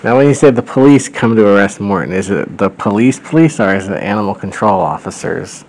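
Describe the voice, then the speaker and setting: A man's voice: lowish voice, lively intonation, brisk, darkish tone, poor audio. A man hosting a show, reading a story aloud with wry, amused commentary. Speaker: host.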